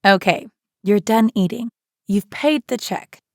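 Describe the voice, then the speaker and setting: A woman's voice: mid-range voice, unhurried, dry recording, studio quality. A woman hosting an audio language lesson, narrating scenes and encouraging the listener in an upbeat, scripted way.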